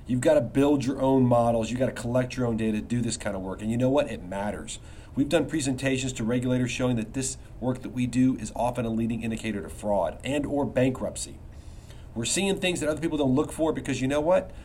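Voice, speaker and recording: A man's voice: medium pitch, quick pace, dark tone, a little hiss or hum. A middle-aged man hosting a finance podcast in a casual, emphatic monologue full of rhetorical questions. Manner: emphatic, conversational, asks rhetorical "you know what?". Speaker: podcast host, investment research firm founder.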